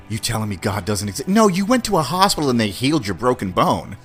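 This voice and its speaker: A man's voice: medium pitch, very animated, soft background music. A man hosting his own podcast, talking bluntly in a casual, opinionated monologue with slang and swearing, and acting out little dialogues. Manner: acts out little dialogues with put-on quick voices. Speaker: podcast host.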